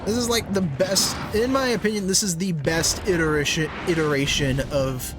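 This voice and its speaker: High-voiced playful male streamer. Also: normal speed, music in the background. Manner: playful, joking. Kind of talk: casual gameplay commentary.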